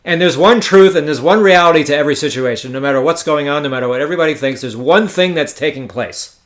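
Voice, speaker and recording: A young man with a fairly high voice hosts a solo podcast and tells stories in a casual, rambling way. He swears freely and keeps a dry, sardonic edge. He stops often to correct himself. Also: fast, fairly bright tone. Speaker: poker podcast host.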